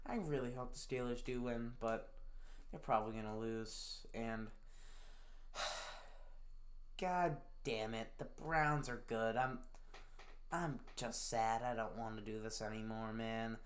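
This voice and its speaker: A man's voice: medium pitch, steady tone, slow pace, pauses often. A man giving casual sports predictions in a profane, sarcastic rant, swinging from fired-up outbursts to glum muttering. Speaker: NFL picks YouTuber.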